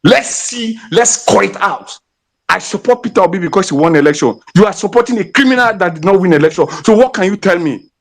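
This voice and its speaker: Nigerian activist, male, high tenor, confrontational and defiant. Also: animated, fairly quick. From Niger Delta, Nigeria. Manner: combative, defiant, mixing Pidgin. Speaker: activist speaker. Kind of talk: heated speech in an online audio room.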